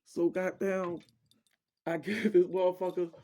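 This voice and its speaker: A man's voice: high-pitched, little pitch movement, measured pace, mellow. A young man telling a story in a casual, rambling way, full of slang and fillers, quoting people as he goes.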